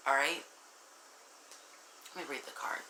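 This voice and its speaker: A woman reads tarot cards for her audience in a low, bright voice. She talks earnestly and speaks straight to viewers. The room echoes, with a faint hiss behind her. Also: fairly even intonation, unhurried. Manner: earnest, warm-hearted, addresses viewers directly, emotional. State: tearful at times. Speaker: tarot reader. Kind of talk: casual tarot reading to viewers.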